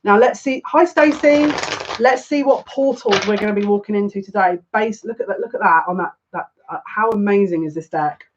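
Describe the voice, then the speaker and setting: A woman's voice: medium pitch, a little fast, lo-fi sound, noisy background. A woman reading tarot live, chatty and dramatic, mocking herself as she talks. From half Turkish. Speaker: psychic tarot reader. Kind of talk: casual live-stream reading.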